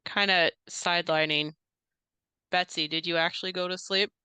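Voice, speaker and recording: A woman's voice: lowish voice, steady tone, normal speed, sharp tone, smooth, no echo. A woman running a tabletop role-playing game and asking players questions.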